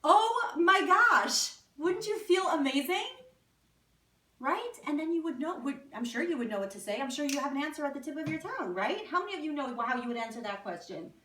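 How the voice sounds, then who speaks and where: A woman's voice: high voice, very animated, rapid-fire, few pauses. A woman giving a talk to a live audience as a guest speaker, often asking the crowd questions. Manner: engaging, asks the audience questions. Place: event hall with audience. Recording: echoey hall, distant mic.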